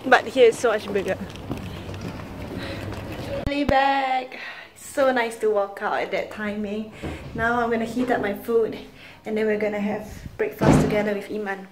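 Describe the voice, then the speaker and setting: A woman's voice: mid-range voice, fairly even intonation, moderate pace. A young woman from Singapore, chatting and giggling as she narrates a vlog to the camera on a city street. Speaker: vlogger. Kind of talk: casual vlog chat. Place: city street at night, outdoors. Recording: street traffic noise.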